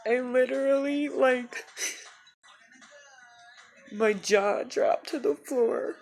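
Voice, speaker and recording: A woman tearfully talking in a personal video journal, halting and soft-spoken. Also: high-pitched, faint music behind. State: crying. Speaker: vlogger.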